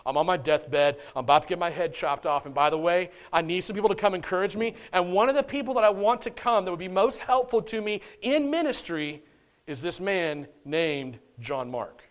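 A man's voice: high-pitched, animated, brisk, lo-fi sound. A man doing Paul, a blunt slangy apostle.

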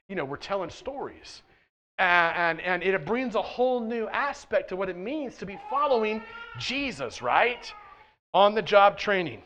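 In a church sanctuary, a male pastor with a high-pitched, very animated voice preaches unhurriedly in a casual, conversational way, often checking in with the congregation. He swings between quiet asides and loud, emphatic points, and the highs of the recording are cut off.

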